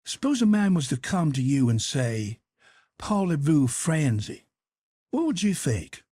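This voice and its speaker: A man's voice: fairly high pitch, sing-song, unhurried, dark tone, no room sound, studio quality. A man reading an audiobook, voicing a curious young boy who reasons earnestly and asks pointed questions. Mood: reasoning.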